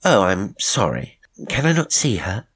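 A man voicing a brisk, polite society woman in a horror story reading. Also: lowish voice, big pitch swings, fairly bright tone, breathy edge, pitched above the performer's own voice, full character voice. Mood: concerned. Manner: brisk, polite, lightly raised voice. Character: chatty society woman friend, brisk and concerned.

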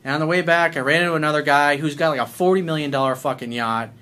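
A man's voice: a little high, fast talker, sharp tone. A man working as a life coach, delivering a blunt, combative rant to camera, swearing constantly.

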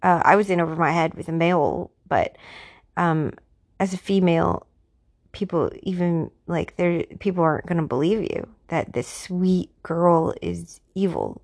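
A woman talking casually about her personal experiences, offering her opinion in a halting way with restarts and fillers. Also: fairly low pitch, darkish tone. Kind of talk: casual monologue.

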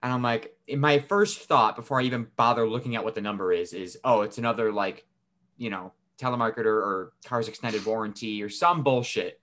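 A man's voice: fairly low pitch, a little fast, a bit bright. A young man co-hosting a podcast, telling a family story in a casual, swearing, laughing way. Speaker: podcast co-host.

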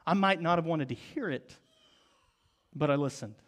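A man in his forties preaching a sermon, telling stories and dropping to soft, low tones for emphasis. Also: moderate pace. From Oklahoma, US. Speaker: pastor.

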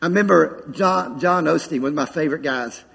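A male pastor preaching in a church sanctuary, his voice high and bright with a husky, gravelly grain. He keeps calling out to the congregation for a response. A long hall reverb trails behind his words. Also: brisk. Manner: preaching with call-outs to the congregation. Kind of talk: sermon.

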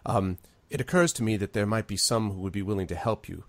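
A man's voice: fairly low pitch, fast talker, no room sound, close to an everyday voice. A man voicing a proper, fussy town official woman who talks formally and stammers when worried. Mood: hushed.

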